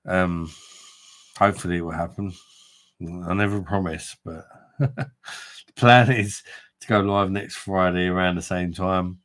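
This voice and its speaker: Host: man with a very deep voice, tipsy and bantering on a casual live stream. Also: fairly even intonation, measured pace, long pauses, a bit bright. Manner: chatty, banter, swears casually. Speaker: beer review livestream host.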